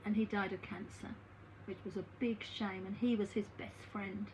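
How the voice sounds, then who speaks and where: A woman's voice: medium pitch, fairly even intonation, moderate pace. A woman who works as a medium and healer, telling a story in a chatty way and acting out the dialogue. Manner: chatty, acts out dialogue in her stories. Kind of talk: conversational storytelling monologue. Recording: noisy recording with a background hum.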